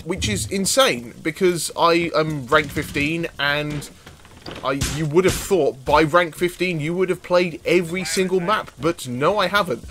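A man giving chatty, excitable commentary over his own gameplay, often laughing and swearing. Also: on the high side, measured pace, a little hiss or hum. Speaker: gaming video host.

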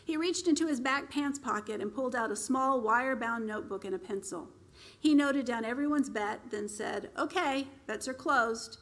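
A woman's voice: fairly high pitch, normal speed. Woman author reading her novel aloud. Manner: steady, expressive storytelling. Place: public library.

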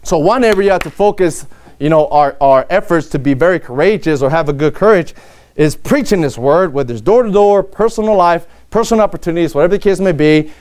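A man's voice: fairly high pitch, expressive, fairly quick, a little mellow, clean tone. A man preaching a sermon in a church, earnest, reading scripture aloud with rising emphasis.

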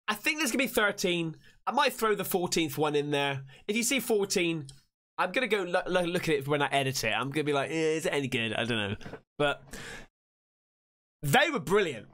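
English male vlogger, fairly high voice, excitable, sweary, slangy reaction host. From England. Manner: excitable and sweary, loud outbursts, British slang. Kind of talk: casual reaction commentary.

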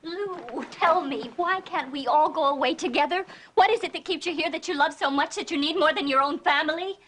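An actress playing a gangster's wife, talking earnestly and pleadingly in a 1970s crime film. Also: female voice, high voice, expressive, normal speed, fairly bright tone.

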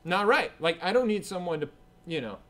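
A man preaching a sermon as pastor at a church service, earnest and swinging between emphatic and hushed delivery. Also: sits high, expressive, brisk.

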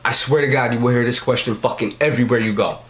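A young adult man hosts a comedy vlog, ranting to camera in a fast, medium-pitched voice. His delivery is profane and rambling, and he repeats his lines over and over.

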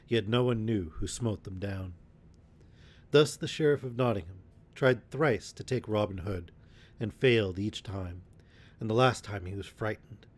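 A man narrating an old adventure novel aloud as a calm bedtime story, in a steady, measured reading. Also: lowish voice.

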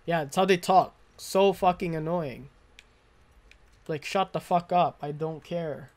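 A man's voice: a little high, a little slow, a little mellow. A man giving live commentary while playing a video game, swearing and venting frustration at enemies into a close desk mic. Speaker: gaming streamer.

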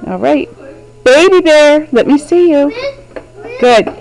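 A woman's voice: sits high, animated, slow pace, a little mellow, rough recording. A woman teacher guiding young children through acting out a story, with encouraging, sing-song prompting in a classroom. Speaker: preschool teacher.

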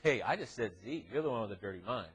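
A man giving a youth devotional at church in an animated, joking way, teasing the teenagers in front of him. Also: mid-range voice, fast, slightly rough. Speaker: youth minister. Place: church classroom.

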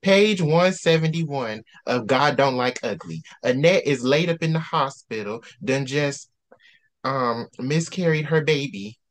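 A man's voice: mid-range voice, lively intonation, measured pace. A man hosting a book discussion, going on a heated rant and hammering his points with repetition. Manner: heated ranting, repeats himself for emphasis. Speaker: host.

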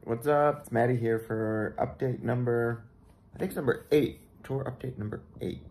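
A man on tour as a bassist, chatting straight to the camera in a casual travel vlog and poking fun at himself. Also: moderate pace, a little mellow, slight background noise. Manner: chatty, self-mocking, talks straight to camera. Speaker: touring bassist.

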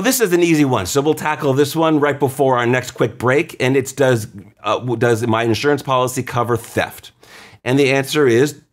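A man hosting an insurance advice show, explaining coverage in a chatty, plainspoken way, acting out quick customer quotes and often restarting his sentences. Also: mid-range voice. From California. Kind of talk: casual explanatory radio talk.

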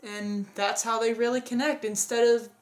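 A woman's voice: a little high, fairly even intonation, normal speed. A woman co-hosting a casual movie review, earnestly retelling the plot step by step.

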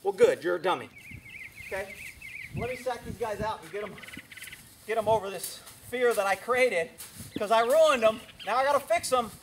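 High-voiced guy training horses outside, brash and sarcastic, faint noise behind. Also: lively intonation, brisk. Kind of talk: blunt instructional vlog talk.

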